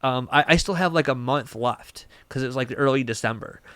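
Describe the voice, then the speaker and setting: Podcast guest, man from Michigan, animated rambler doing quick voices for others, smooth voice in a dry studio. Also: mid-range voice, no room sound. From Michigan, USA. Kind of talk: casual storytelling interview.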